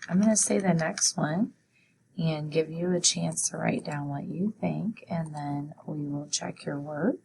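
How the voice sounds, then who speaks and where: Slow low-voiced woman teaching spelling. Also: creaky, a little mellow, a little hiss or hum. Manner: slow and deliberate, sounding out letters. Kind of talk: spelling lesson for children.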